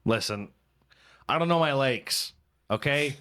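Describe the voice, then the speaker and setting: A man's voice: medium pitch, expressive, measured pace, fairly bright tone, clean tone. A man hosting a comedy podcast in casual chat, rambling and swearing freely and mocking himself. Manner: rambling, profane, self-mocking. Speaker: podcast host.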